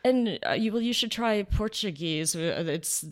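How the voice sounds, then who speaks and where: A woman's voice: medium pitch, animated, measured pace. A woman hosting a wine podcast in a playful, rambling, self-mocking chat. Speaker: podcast host and wine expert. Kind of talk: casual chat.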